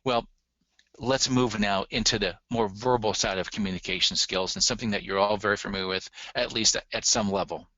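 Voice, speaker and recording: Emphatic male lecturer, bright and dry. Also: on the low side, a little fast, no room sound, lo-fi sound. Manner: earnest, emphatic, addresses audience directly. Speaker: relationship communication instructor. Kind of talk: recorded lecture.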